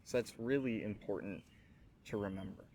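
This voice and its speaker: A man's voice: fairly low pitch, moderate pace, darkish tone, slight background noise. A man hosting a scripture teaching show, speaking earnestly and reflectively, addressing the listener directly. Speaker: host of a Bible teaching show.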